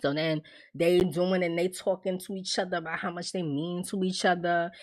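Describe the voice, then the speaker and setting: A woman casually recapping a TV episode, profane and laughing often, acting out characters' lines in quick impressions. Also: fairly low pitch, flat delivery. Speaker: TV recap host.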